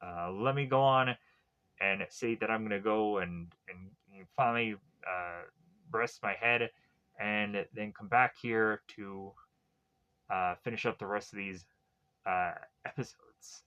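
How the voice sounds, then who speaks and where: A man's voice: lowish voice, a little slow, bright, forceful tone, clean tone, lo-fi sound. A man reviewing a TV series in a rambling casual way, looping back through fillers and restarts. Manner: meandering, heavy use of fillers and restarts. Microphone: tablet recording.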